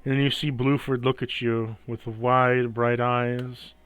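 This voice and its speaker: A man running a tabletop game as game master, narrating the scene slowly and dramatically and asking for rolls. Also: medium pitch, flat delivery, a bit bright, smooth, no echo. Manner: slow, dramatic descriptive narration.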